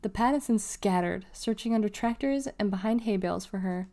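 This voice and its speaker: A woman reading a children's novel aloud, her pitch sitting in a middle register. She narrates in a measured, expressive way, leaning into the story's turns. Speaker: reader of children's books.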